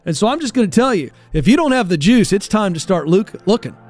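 A man's voice: high-pitched, very animated, fast, a little mellow, faint music behind. A man hosting a career advice show, talking emphatically and with a coach-like push. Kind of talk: energetic talk-show monologue.

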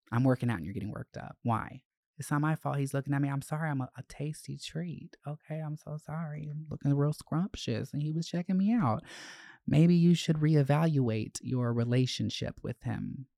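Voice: medium pitch, a little mellow, dry recording, studio quality. A young adult podcast host chatting casually at home, sassy and dramatic, full of slang.

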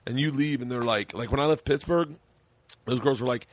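A man's voice: mid-range voice, brisk, no room sound. Boisterous man telling stories, dry room. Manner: boisterous storyteller, swears freely. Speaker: podcast host. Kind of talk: casual chat. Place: home studio.

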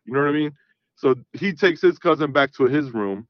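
Man, casual storytelling, rambling, profane, slightly high voice, lo-fi dry recording. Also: lively intonation, fairly quick, no echo. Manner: rambling, profane, full of "I'm like" asides. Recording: dull lo-fi sound.

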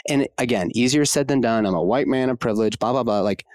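An American obstetrician-gynecologist speaks as a guest on a conversational podcast, his medium-pitched, darkish voice moving fast over a dry recording. He talks with passion and frankness, casually, with fillers and the occasional swear word.

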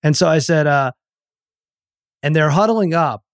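A man's voice: on the high side, measured pace, no echo, clean studio sound. A middle-aged man telling a story in casual podcast chat, stammering and acting out the people he quotes. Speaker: podcast guest.

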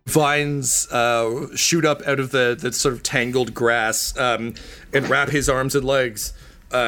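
A man's voice: mid-range voice, a little slow, bright, forceful tone, soft background music. A man narrating as game master of a tabletop game, telling the scene loosely with many fillers. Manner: loose, filler-heavy storytelling.

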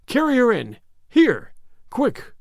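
A man doing a frantic shouting Englishman. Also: extremely high pitch, huge pitch swings, slow pace, vocal fry, no room sound, clean studio sound, voice pushed up, exaggerated voice. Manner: yelling, frantic, commanding. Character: terrified Englishman shouting in the dark.

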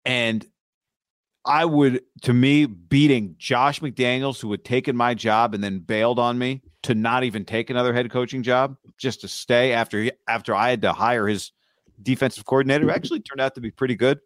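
A man's voice: mid-range voice, dry recording, studio quality. Wry man co-hosting a sports chat. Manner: wry, deliberate, sarcastic. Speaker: podcast co-host.

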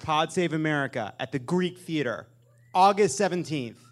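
Man, live show host, wry and animated, higher-pitched voice, emphatic shouty punchlines. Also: normal speed, very noisy. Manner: joking, animated, swings into loud emphatic bursts. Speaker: podcast host. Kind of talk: live comedic political talk.

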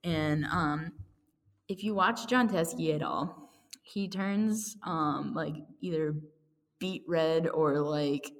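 A woman's voice: deep voice, slow. A young woman co-hosting a casual sports chat, giggly and chatty with lots of fillers. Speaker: podcast co-host. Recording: echoey room with long reverb.

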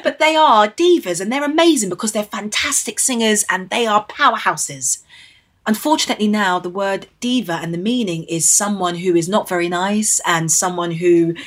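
Husky earnest woman opening up. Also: medium pitch, moderate pace, fairly bright tone. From Britain. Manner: earnest and emotional, repeating phrases for emphasis. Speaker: interview guest, singer. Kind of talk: candid interview.

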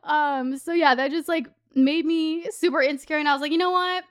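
A young woman telling a story in casual chat, animated and swearing, full of "like" fillers. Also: high-pitched, fairly quick. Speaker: podcast host.

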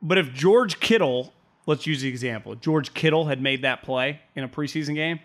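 A man co-hosts a casual sports podcast, rambling opinionatedly about football and laughing often. His voice is a little high and a bit bright, at normal speed.

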